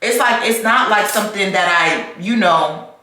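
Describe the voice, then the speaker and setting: A woman's voice: medium pitch, moderate pace, bright, forceful tone. A young woman ranting expressively in a casual vlog, swearing and repeating herself. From United States. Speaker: vlogger. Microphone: camera mic. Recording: very echoey room.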